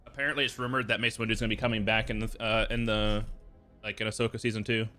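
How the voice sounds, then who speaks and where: A man's voice: on the low side, level tone, quick pace, bright, forceful tone, soft background music. A young man streaming a game and chatting casually with friends, joking around and padding his sentences with fillers. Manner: joking, lazy-sounding, filler-heavy. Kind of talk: casual gaming chat.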